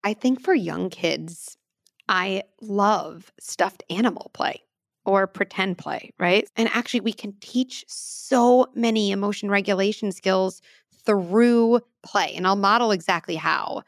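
A woman in her thirties, a parenting expert explaining advice in an interview with earnest, lively examples. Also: mid-range voice, a little slow, vocal fry, dry recording, clean studio sound.

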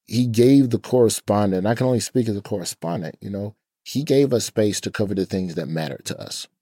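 A laid-back man from Alabama talks candidly, dropping casual slang. His voice is very low and a little husky. The sound is dry and close. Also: a little fast, mellow, no room sound. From Birmingham, Alabama, US. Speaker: comedian guest. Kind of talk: casual interview talk.

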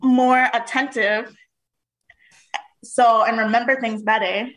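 A woman's voice: on the high side, steady tone, slow, fairly bright tone, rough recording. Assertive woman podcast co-host. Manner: assertive, explains at length. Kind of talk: casual podcast debate.

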